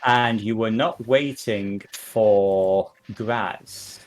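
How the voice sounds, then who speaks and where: A man running a tabletop game as game master, narrating in an unhurried way with many fillers. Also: fairly low pitch.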